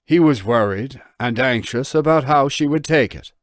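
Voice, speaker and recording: A man's voice: medium pitch, moderate pace, no room sound, studio quality. A man narrating his own novel as an audiobook, telling the story expressively. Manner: expressive storytelling with voiced dialogue. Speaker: author and narrator.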